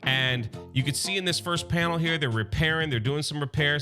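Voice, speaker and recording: A man hosting a casual comic book recap, chatty and animated, talking straight to his fans. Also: on the high side, moderate pace, few pauses, faint music behind.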